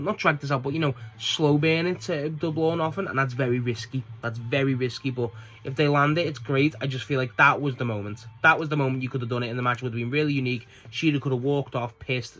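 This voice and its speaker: A young man giving a casual, rambling spoken review of a wrestling show, excitable and swearing often. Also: mid-range voice.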